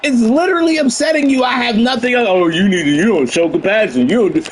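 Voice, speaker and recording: A man's voice: very high voice, lively intonation, quick pace, slight background noise. A man streaming a game while arguing heatedly and profanely with someone off-mic, frustrated and fed up.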